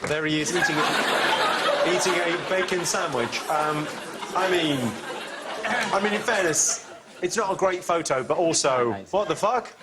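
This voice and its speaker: A man hosting a comic quiz show in a TV studio, delivering dry, deadpan one-liners. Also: fairly high pitch, a little slow, over a noisy crowd, very noisy. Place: TV studio with live audience. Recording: studio with clear audience laughter.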